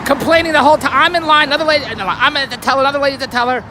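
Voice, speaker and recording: A man's voice: extremely high pitch, steady tone, very fast. A man telling a rambling, wry everyday story in a grumbling, self-amused way, recorded in a car by a busy street. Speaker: vlogger. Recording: noisy street traffic behind.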